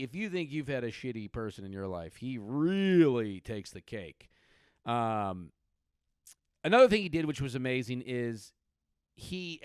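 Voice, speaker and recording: A man's voice: medium pitch, clear, resonant tone, no echo, studio quality. A man from California doing a comedic podcast monologue, rambling and sardonic, with lots of swearing. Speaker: podcast host.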